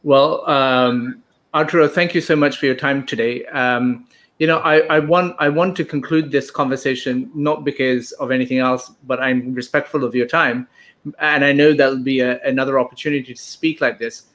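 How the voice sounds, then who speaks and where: A man hosting a live-streamed interview, asking measured questions and thanking his guest courteously. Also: mid-range voice, steady tone, fairly bright tone.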